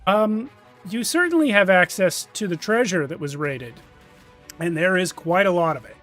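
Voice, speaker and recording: High-voiced male game master, rambling. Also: lively intonation, moderate pace, a bit bright, soft background music. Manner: loose, rambling with fillers. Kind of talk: narrating a tabletop game.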